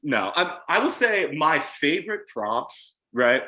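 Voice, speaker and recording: A man's voice: fairly high pitch, very animated, takes it slowly, sharp tone, poor audio. A young man joking in casual podcast chat, blunt and dry, filling his talk with "you know.". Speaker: podcast guest.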